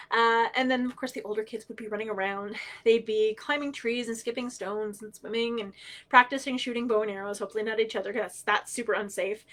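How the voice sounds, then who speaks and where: A middle-aged woman telling stories and teachings on a livestream, animated and playful, laughing often and acting out voices. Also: fairly high pitch. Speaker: storyteller and knowledge keeper. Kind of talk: humorous teaching storytelling on a livestream.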